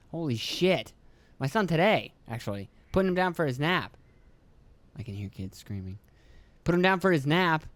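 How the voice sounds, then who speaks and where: A man's voice: a little high, lively intonation, dry recording. Profane, rambling podcast man. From rural Pennsylvania. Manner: profane, joking, acts out his kids and himself in quick voices. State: throat clearing, phlegmy. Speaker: podcast host. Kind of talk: casual rambling monologue.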